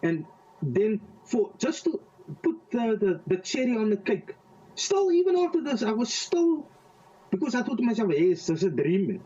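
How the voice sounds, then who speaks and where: A man with a high yet mellow, expressive voice gives a faith testimony as an interviewee, halting, with frequent repeated words and restarts. He slows down to describe a dream in vivid detail. He sounds a little distant from the mic, and the audio is dull and lo-fi.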